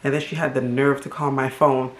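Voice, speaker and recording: A middle-aged woman from Haiti, telling a storytime vlog story in an animated, emphatic and indignant way. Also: a bass voice, brisk. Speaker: vlogger. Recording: roomy echo.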